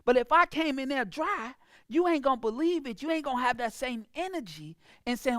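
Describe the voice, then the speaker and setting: A woman's voice: high-pitched, lively intonation, brisk, dry recording, clean studio sound. A woman business coach giving an emphatic, preachy motivational talk about sales, speaking. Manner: emphatic, preachy, acts out clients in a mocking voice.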